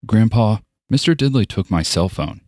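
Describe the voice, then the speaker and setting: A man's voice: on the low side, lively intonation, moderate pace, darkish tone, dry recording, clean studio sound, voice pushed up. A man voicing a resentful, hot-headed teenage boy in an audiobook.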